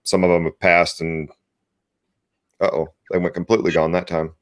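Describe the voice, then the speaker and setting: A man chatting as a guest on a video call, easygoing, explaining things plainly and laughing softly. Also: low voice, flat delivery, normal speed, no echo. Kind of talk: casual chat on a livestream.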